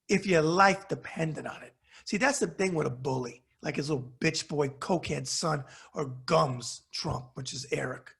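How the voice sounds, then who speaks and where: A middle-aged man with a New York accent rants at the camera, blunt and heated and swearing freely. His voice is gravelly and husky, sitting a little high for a man. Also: moderate pace, a bit bright. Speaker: commentary show host. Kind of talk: angry profane rant to camera.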